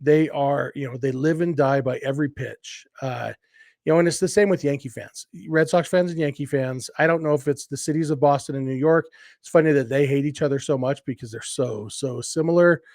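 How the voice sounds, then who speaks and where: A man's voice: mid-range voice, a little fast, a little mellow, no room sound, clean studio sound. A man hosting a casual solo sports podcast, talking enthusiastically in a rambling way with restarts and asides. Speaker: podcast host.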